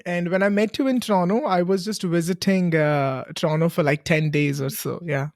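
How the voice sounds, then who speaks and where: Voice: medium pitch, moderate pace, no echo, studio quality. A podcast host interviewing a guest, friendly, asking questions and answering with "okay, okay". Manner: friendly, asks questions, often says "okay, okay".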